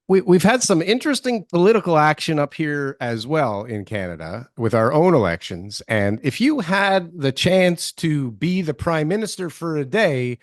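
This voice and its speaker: A man's voice: fairly high pitch, big pitch swings, normal speed, hardly any pauses, no room sound, clean studio sound. A man co-hosting a casual podcast, blunt and joking, teasing his co-host. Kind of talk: casual chat.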